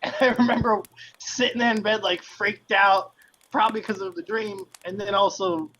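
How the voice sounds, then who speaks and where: A man's voice: high voice, fairly even intonation, normal speed, sharp tone, slight background noise, rough recording. Man, podcast co-host, casual storytelling, rambling, laughing, restarts.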